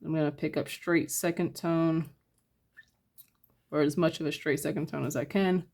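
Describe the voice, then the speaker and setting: Her deep voice keeps a moderate pace as she teaches a casual painting lesson one step at a time. This instructor talks through her process in an easygoing, thinking-aloud manner, full of fillers.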